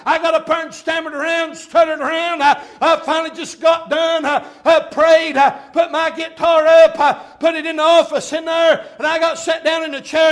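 Preacher, man with a very high voice, fervent delivery with frequent hesitations and bursts of shouting. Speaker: pastor. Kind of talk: sermon.

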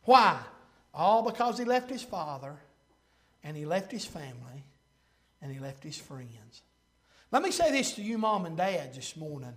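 A middle-aged man preaching a sermon, telling folksy stories and building to fervent, shouted points. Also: fairly high pitch, big pitch swings, unhurried, long pauses. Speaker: pastor.

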